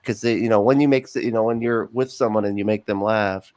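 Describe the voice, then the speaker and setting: A man talking casually as a podcast guest, rambling with many fillers and quick laughs. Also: fairly low pitch, fairly even intonation, a little mellow, dry recording.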